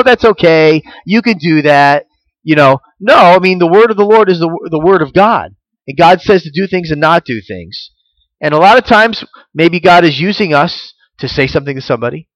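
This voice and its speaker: A man delivers a sermon in an earnest, teaching voice that sits slightly high for a man. He reads scripture aloud and lifts his voice to stress key points. The sound is dry and close, with no room echo. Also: a bit bright. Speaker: pastor.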